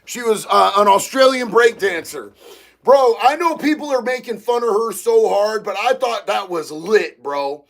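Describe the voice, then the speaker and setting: A man with a very high, gravelly voice hosts a loose livestream chat. He reads out viewer comments and swears freely. When something excites him he gets loud and shouty. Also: unhurried. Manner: excitable, profane, bursts into shouting. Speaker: livestream host reading chat.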